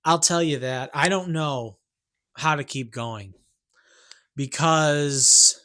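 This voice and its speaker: A man's voice: on the high side, slow, bright, forceful tone. A man talking to camera in a rambling, ranting monologue, breaking off and restarting and tagging his points with questions. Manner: rambling, self-interrupting, keeps asking "right?". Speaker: YouTuber and songwriter.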